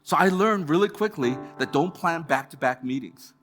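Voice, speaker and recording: A male pastor preaching a sermon in a church, telling stories in a relaxed, conversational way and acting out quoted remarks. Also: fairly high pitch, normal speed, soft background music. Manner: conversational storytelling with quoted asides. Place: church hall.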